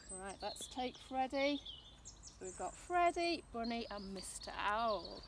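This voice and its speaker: A woman's voice: fairly high pitch, animated, a little hiss or hum. Sing-song woman for toddlers. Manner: sing-song, slow and exaggerated for small children. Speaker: children's presenter. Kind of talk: children's play activity narration.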